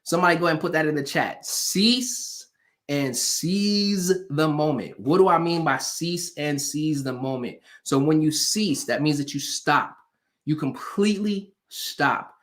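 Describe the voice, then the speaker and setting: Briskly and at a fairly high pitch, a man preaches motivation to a live online crowd with animated energy. He hammers points home by repeating phrases and keeps asking viewers for hearts and comments.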